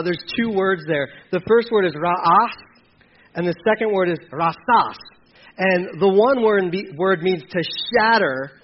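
High-voiced man preaching a sermon. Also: lo-fi sound, slight background noise. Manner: conversational, reads verses aloud, many fillers and restarts. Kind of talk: sermon teaching from scripture.

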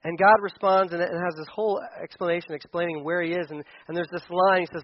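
A man's voice: on the high side, a little fast. A male pastor preaching a sermon in a conversational way, with many restarts, his voice rising when he quotes. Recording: dull radio broadcast audio.

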